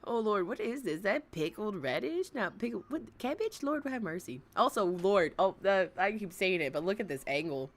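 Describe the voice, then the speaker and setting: A woman's voice: medium pitch, big pitch swings, moderate pace, hardly any pauses. A woman hosting a casual livestream reaction, chatty and swearing, laughing often.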